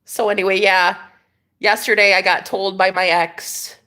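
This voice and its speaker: A woman's voice: fairly low pitch, fairly even intonation, unhurried, creaky, bright, forceful tone. A woman hosting a casual spiritual livestream from a rented room, sassy and laughing as she talks back to her viewers' comments. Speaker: livestream host.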